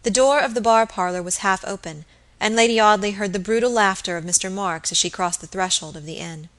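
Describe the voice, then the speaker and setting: A woman narrates a classic novel in a measured, expressive voice. Her tone is bright and forward. It is a steady audiobook reading. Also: mid-range voice, low-quality recording.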